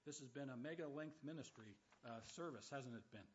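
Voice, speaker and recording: A man pastor preaching a sermon, with loud emphatic bursts and dry humorous asides. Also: mid-range voice, fairly quick, muffled recording, slight background noise.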